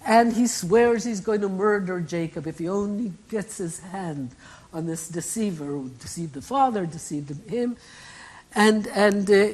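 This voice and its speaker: Husky-voiced woman telling a dramatic story. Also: medium pitch, low-quality recording. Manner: vivid, expressive retelling with asides. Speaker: keynote speaker.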